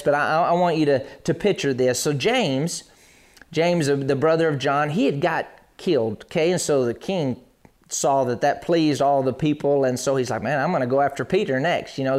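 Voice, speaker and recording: Male preacher, high and lively, dramatizes scripture for an online congregation. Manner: animated, acts out Bible scenes with voices. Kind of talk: streamed sermon.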